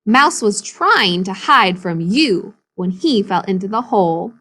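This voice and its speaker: A woman's voice: medium pitch, expressive, unhurried, pushed and bright. A woman voicing a worried, caring hedgehog in a storybook read-aloud.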